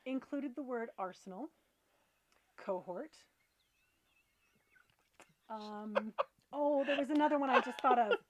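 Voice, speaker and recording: A woman's voice: fairly high pitch, measured pace, long pauses. A woman in her thirties co-hosting a casual chat show, with wry, playful jokes. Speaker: podcast co-host.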